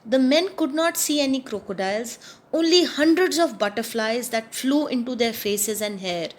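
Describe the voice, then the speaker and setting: Woman, teacher type, reads a kids' story and stops to explain words, voice a bit high. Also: expressive, normal speed. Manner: explains words to young listeners, asks and answers questions. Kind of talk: storybook read-aloud lesson for children.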